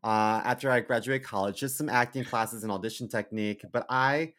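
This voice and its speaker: A man co-hosting a comedy podcast in casual chat, throwing out quick wordplay jokes. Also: mid-range voice, fairly even intonation, fairly bright tone. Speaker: podcast co-host.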